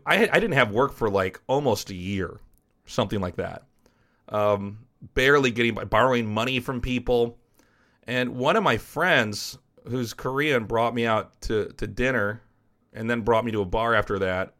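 A man's voice: medium pitch, fairly bright tone. A man hosting a podcast, telling a personal story in a frank, rambling way and swearing casually. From United States. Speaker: podcast host and esports caster.

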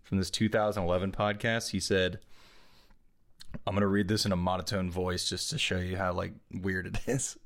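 Low-voiced young man rambling casually. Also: flat delivery, normal speed, fairly bright tone. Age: 20s. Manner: rambling, filler-heavy, laughs often. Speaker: podcast co-host. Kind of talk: casual podcast chat.

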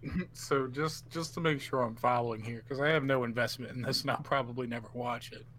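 A man's voice: mid-range voice, fairly even intonation, fairly quick, fairly bright tone, a little hiss or hum. A man on a casual podcast, joking bluntly and laughing, with some swearing. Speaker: podcast co-host. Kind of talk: casual chat.

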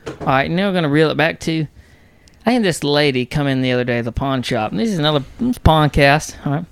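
A man's voice: on the high side, fast, creaky, slight background noise. A man, co-hosting a podcast and throwing in crude teasing jabs. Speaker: podcast co-host. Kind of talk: casual podcast chat.

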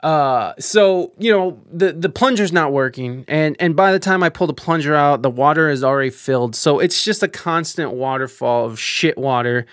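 A young man live streaming, telling a story in a casual, animated way with lots of swearing, fillers and restarts. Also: fairly high pitch, moderate pace, few pauses, no echo, clean studio sound.

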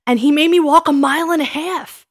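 A woman in her thirties, co-hosting a casual chat and telling her dating stories in an animated way, acting out what people said. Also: high-pitched, fairly quick. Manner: animated storytelling, acts out quoted lines. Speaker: podcast co-host.

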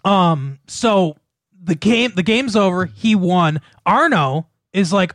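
A man's voice: a little high, normal speed, no room sound. A man casually recapping a movie plot, rambling and swearing, with lots of fillers and laughs. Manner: rambling, profane, laughs often, many fillers. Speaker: podcast co-host recapping a film. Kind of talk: casual chat.

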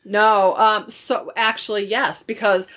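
A woman's voice: mid-range voice, flat delivery, slow pace, a bit bright. Chatty middle-aged woman podcast host. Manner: chatty storyteller, acts out quoted voices. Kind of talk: casual chat.

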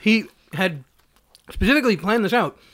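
A man co-hosting a podcast in rambling, self-mocking chat full of halting restarts. His voice sits on the high side and moves around a lot. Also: expressive, fairly bright tone. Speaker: podcast co-host. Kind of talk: casual comedic chat.

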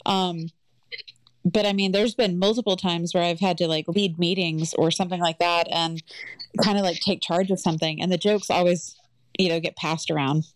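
A woman on a podcast chatting casually, assertive and quick to laugh. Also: lowish voice, steady tone, no room sound. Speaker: podcast co-host.

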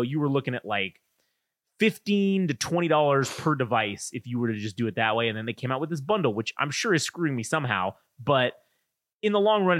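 A man's voice: mid-range voice, fairly bright tone, dry recording, studio quality. A man in his thirties, a podcast co-host telling a profane, ranting story in casual chat.

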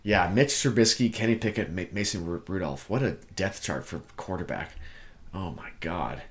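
A man's voice: low voice, normal speed. A young man co-hosting a casual sports podcast, laid-back and swearing freely, calling his friend dude. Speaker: podcast co-host. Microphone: own mic, muting himself at times.

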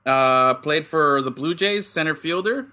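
A man with a bright, forward voice that sits a little high chats casually on a podcast. He hosts the talk and tells his stories with lively energy, calling his friends "bro". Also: measured pace. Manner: animated storyteller, says "bro". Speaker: podcast host. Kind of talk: casual chat opening baseball cards.

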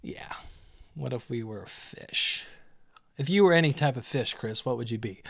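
A man's voice: mid-range voice, normal speed, vocal fry, no room sound, clean studio sound. A man hosting a solo podcast from indoors, ranting in a profane, sarcastic, rambling way. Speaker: podcast host. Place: indoors by a window.

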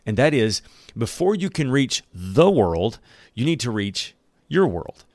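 Male pastor, gravelly, conversational sermon and scripture reading, dry close sound. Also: mid-range voice, sing-song, a little slow, a little mellow, no room sound. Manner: conversational, reads aloud and comments.

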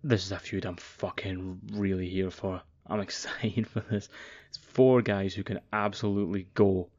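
A man co-hosting a wrestling podcast, excitable and sweary as he recaps matches. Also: deep voice, normal speed, no room sound, muffled recording. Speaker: podcast co-host.

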